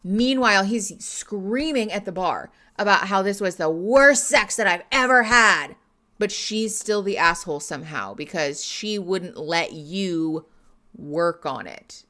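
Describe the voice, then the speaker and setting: A woman's voice: mid-range voice, sharp tone. A woman streamer giving live reaction commentary on a reality show, ranting with profanity and sarcasm.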